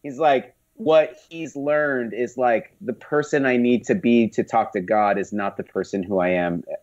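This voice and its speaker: A man on a podcast as a guest, telling animated stories in casual conversation, with many restarts. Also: medium pitch, moderate pace, lo-fi sound.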